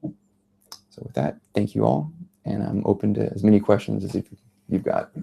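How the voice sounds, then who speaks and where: A man from the United States in his thirties giving an earnest public talk as a journalist, telling a story in a measured way. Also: fairly low pitch, vocal fry, dark tone, husky. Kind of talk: public speech. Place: lecture venue.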